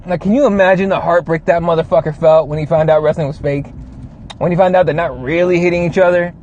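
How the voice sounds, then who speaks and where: A man with a fairly high voice rants casually and swears freely, rambling from point to point and reading viewer comments as they come in. He talks from inside a car, and the sound is dull and lo-fi with faint road noise. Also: steady tone, fast, a little mellow. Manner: rambling, swears a lot, reads chat comments aloud. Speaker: show host. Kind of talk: casual profane rant.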